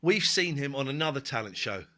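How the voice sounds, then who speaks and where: A man's voice: medium pitch, animated, fairly quick, a crowd in the background. A man hosting a live stream, chatting bluntly and swearing freely as he reacts to a video. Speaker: streamer and host. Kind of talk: casual live-stream commentary.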